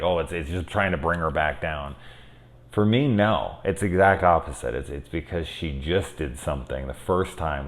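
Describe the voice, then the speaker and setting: Hosting a laid-back spoiler review of a film, a man with a bass voice rambles excitedly, cursing freely and leaning heavily on "like."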